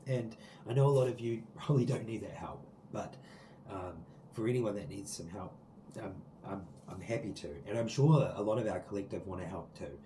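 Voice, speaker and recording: Earnest, rambling low-voiced man reading tarot. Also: a little fast, mellow, echoey room, slight background noise, rough recording. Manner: earnest, rambling, full of likes and ums. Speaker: tarot card reader. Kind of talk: spiritual tarot reading to viewers. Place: sitting outdoors.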